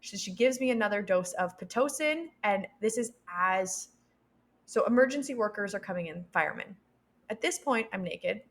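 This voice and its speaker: A young adult woman, a podcast guest, telling a personal story with lively quoted voices and frequent laughs. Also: medium pitch, moderate pace. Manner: animated, acts out quoted voices; laughs between sentences.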